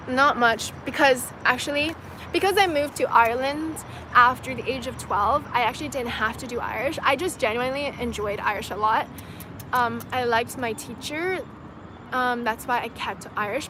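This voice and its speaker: A woman's voice: fairly high pitch, noisy background. A young woman from China hosting a casual livestream outdoors, chatting loosely with lots of "like" and "you know" and laughing often. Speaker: livestream host answering viewer comments. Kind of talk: casual chat.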